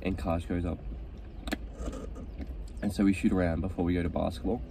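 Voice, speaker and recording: A man's voice: deep voice, little pitch movement, normal speed, gravelly, background noise. A young man, teasing his friends and telling a story in casual chat. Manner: teasing storyteller, quotes others. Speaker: co-host. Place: in a car.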